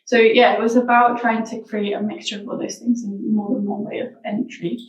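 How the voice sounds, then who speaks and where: Female interview guest, thoughtful and searching, slightly high voice, recorded in an echoey room. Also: little pitch movement, fairly quick, a crowd in the background. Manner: reflective, searching for words as she talks. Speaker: guest, founder of a wellbeing social enterprise. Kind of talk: casual interview chat. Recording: roomy sound, mic at a distance.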